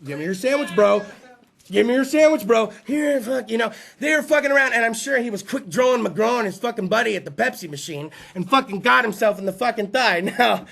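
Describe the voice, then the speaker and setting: A man's voice: very high voice, gravelly, bright, forceful tone. A man hosting a talk show, telling crude jokes in a rowdy monologue and acting out other voices. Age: adult. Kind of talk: profane comedic monologue.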